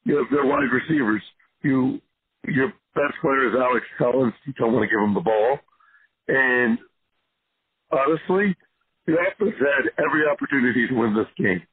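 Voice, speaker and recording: A hoarse man co-hosting a sports podcast, ranting with passion. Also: mid-range voice, normal speed, no room sound. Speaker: podcast co-host. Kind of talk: casual sports podcast chat. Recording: tinny phone-line sound, dry.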